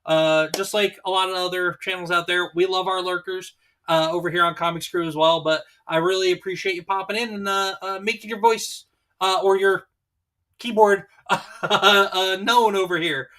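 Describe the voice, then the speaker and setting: A man's voice: high voice, fairly even intonation, normal speed, bright, forceful tone. A man hosting a casual livestream, easygoing and laughing often as he reads chat messages aloud. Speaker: streamer host reading chat.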